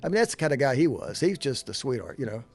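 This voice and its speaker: A man's voice: medium pitch, sing-song, fast talker, gravelly, darkish tone. A male guest in casual conversation, telling rambling anecdotes. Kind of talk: casual chat.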